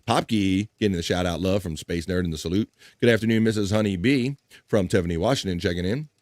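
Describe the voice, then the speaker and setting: Joking live-stream host reading news. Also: male voice, low-pitched, quick pace, a little mellow, no room sound, studio quality. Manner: joking, reads chat comments and articles aloud, laughs often. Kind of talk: casual joking chat and reading news aloud.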